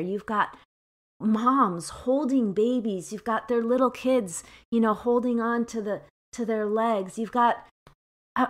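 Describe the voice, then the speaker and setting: A woman hosting a devotional podcast, reading scripture slowly and sharing reflections in an earnest, reflective way. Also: medium pitch. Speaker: podcast host teaching scripture.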